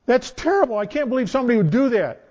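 A male preacher voicing a guilty seven-year-old boy, pushing his voice up into a whiny childlike pitch. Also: sing-song, fast talker, a little mellow, heavily acted. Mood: pleading. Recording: dull lo-fi sound.

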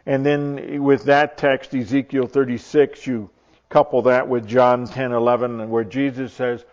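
A man teaching from the Bible in a sermon, earnest and searching, often restarting his sentences and dropping to a hush on tender points. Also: medium pitch, flat delivery, measured pace. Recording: dull lo-fi recording.

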